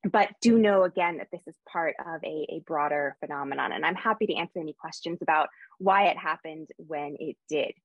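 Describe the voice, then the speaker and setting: American woman historian, lowish voice, brisk lecture, dry sound. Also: no room sound, highs cut off. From United States. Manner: quick, lively lecturing with frequent fillers. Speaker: historian giving a conference talk. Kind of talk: academic lecture.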